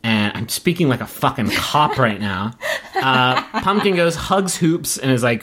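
Guy from appalachia telling stories on a podcast, voice swinging way up and down, swears a lot. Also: unhurried. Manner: animated storytelling, swearing, jumping up in pitch for quotes. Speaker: podcast host. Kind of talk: casual comedic chat.

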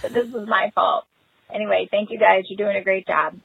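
A woman's voice: medium pitch, fairly even intonation, brisk, gravelly, fairly bright tone, breathy edge, no echo. A mother leaving a voicemail, telling a rueful, self-mocking story about her own parenting slip. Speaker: caller. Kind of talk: voicemail confession. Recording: tinny phone-line voicemail.

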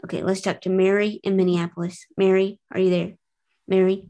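A woman's voice: mid-range voice, level tone, brisk, dark tone. A woman hosting a comedy call-in game show, bantering playfully with callers and her co-host. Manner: chatty, giggly, plays a pushy reporter.

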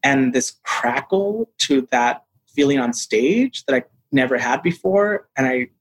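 Animated man telling stories in an interview. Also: medium pitch, measured pace, slightly rough, poor audio. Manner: animated, acts out voices in his stories; lively, laughs often. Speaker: actor guest. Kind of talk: casual storytelling interview.

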